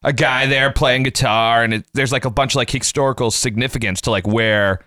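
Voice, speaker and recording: A man's voice: medium pitch, steady tone, a little fast, bright, forceful tone. A man, a musician, telling loose anecdotes full of "like" with friends. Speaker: musician and co-host. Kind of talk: casual chat.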